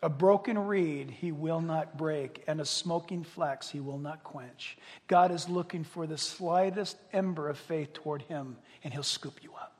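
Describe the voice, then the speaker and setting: An older man preaching a sermon, dropping to quiet intimacy and then rising to loud impassioned calls, acting out quoted voices with humor. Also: fairly high pitch, measured pace, few pauses, in a large hall. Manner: acts out quoted voices, jokes with the crowd. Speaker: pastor.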